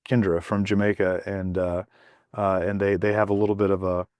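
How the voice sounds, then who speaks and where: A man with a lowish voice co-hosts a casual podcast chat. He stops and restarts often and fills the gaps with "uh" and "um". The sound is dry and close, with no room in it. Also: level tone, a little mellow, no room sound. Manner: halting, many fillers and restarts. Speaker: podcast co-host.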